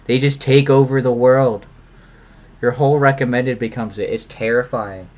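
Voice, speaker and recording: A young man playing a game with a friend, chatting casually, swearing often, and reading story passages aloud in a hushed voice. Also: medium pitch, steady tone, normal speed. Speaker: game player. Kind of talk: casual let's-play chat with reading aloud.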